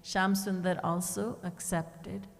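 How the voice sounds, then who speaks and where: A woman's voice: fairly low pitch, flat delivery, slow, vocal fry, big-room sound. A woman spiritual teacher giving a devotional discourse, telling stories and acting out the characters' words. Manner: storytelling, quoting characters with shifts in tone. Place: retreat hall.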